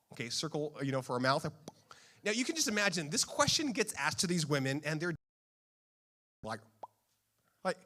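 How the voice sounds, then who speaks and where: Playful guy pastor preaching, voice jumps all over, fairly high. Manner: playful, animated storytelling. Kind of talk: sermon.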